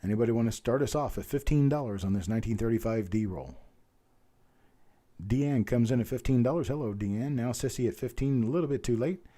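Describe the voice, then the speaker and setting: A man running a live coin auction stream, rattling off bid calls and greeting viewers by name. His voice is very dark and mellow, sitting at an ordinary middle pitch, and sounds a little worn from hours of talking. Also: fairly quick. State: voice strained from talking.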